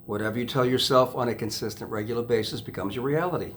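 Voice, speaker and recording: A man who works as a hypnotist, talking casually to camera about self-help, rambling and restarting sentences, repeating key phrases, and dropping to a soft low "okay?" after each point. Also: fast talker, a little hiss or hum.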